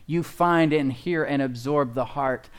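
A man's voice: medium pitch, a little slow, clear, resonant tone. A male pastor preaching a sermon in an emphatic way, often calling out to his congregation for an amen.

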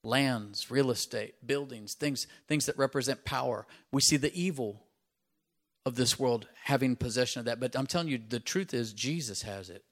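A middle-aged male pastor preaching a sermon, conversational with asides of "right?" and rising loud and emphatic on his key points. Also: mid-range voice, normal speed.

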